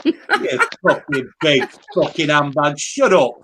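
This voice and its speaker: A man trading insults on a livestream, repeating the same taunts over and over. His voice is high and sharp. A faint hiss sits behind him. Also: lively intonation, measured pace. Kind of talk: heated online argument.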